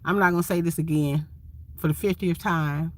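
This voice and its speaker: A woman's voice: on the low side, fairly even intonation, normal speed. A woman from Ohio, a van-life vlogger chatting casually and expressively with viewers on a phone livestream. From Ohio, USA.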